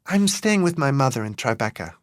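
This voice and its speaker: A man voicing a warm, composed woman. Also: mid-range voice, big pitch swings, brisk, dry recording, studio quality, voice pushed up, natural voice. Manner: warm, reassuring. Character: kind, composed adult woman traveler.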